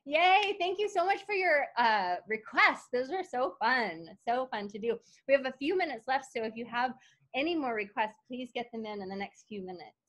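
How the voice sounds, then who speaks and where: A woman's voice: high-pitched, animated, normal speed, a bit bright. A woman hosting an online singalong over a video call, upbeat and encouraging.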